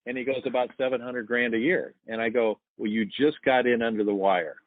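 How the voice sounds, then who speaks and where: A man in his sixties with a medium-pitched, steady voice talks briskly as a sales guest on a podcast. He tells sales stories casually, acting out both sides of each conversation. The recording is dry and tinny, like a phone line, with no room sound.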